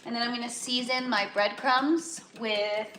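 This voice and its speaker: A woman's voice: on the high side, fairly even intonation, measured pace, sharp tone, slight background noise. A woman hosting a casual home livestream from her grow tent and kitchen, chatting, laughing often and greeting viewers by name. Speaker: livestream host.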